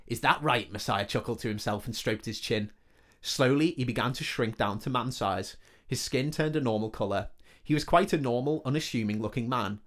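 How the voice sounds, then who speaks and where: A man's voice: mid-range voice, a little fast. A man reading a comedic fantasy story aloud in a joking manner. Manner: joking, laughs between lines.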